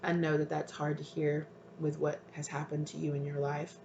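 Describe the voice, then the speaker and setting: A tarot reader doing an intuitive reading for viewers, talking tenderly and hesitantly and sometimes dropping to a breathy near-whisper. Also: mid-range voice, completely flat delivery, normal speed, highs cut off. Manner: soft, tender, hesitant, calls listeners "my love". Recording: roomy with faint ambient noise.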